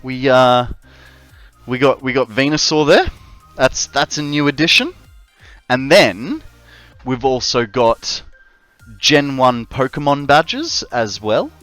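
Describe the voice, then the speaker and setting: A man's voice: mid-range voice, expressive, takes it slowly, a bit bright, no echo. Australian man, game streamer, joking chat, dry close sound. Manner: joking, chats with viewers as he plays. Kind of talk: casual livestream chat. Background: faint background music.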